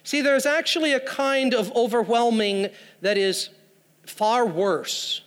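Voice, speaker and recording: A man's voice: very high-pitched, slow, a bit bright, clean tone. A man preaching a sermon, telling a story with humorous asides. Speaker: pastor. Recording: long hall reverb.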